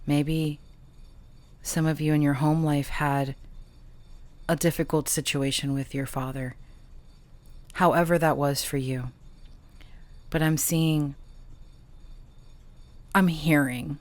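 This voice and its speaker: A woman with a low voice gives a tarot reading at an unhurried pace. She speaks softly and emotionally, pausing and hesitating as she goes. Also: fairly even intonation. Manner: slow, soft, emotional and halting. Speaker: tarot reader and channeler.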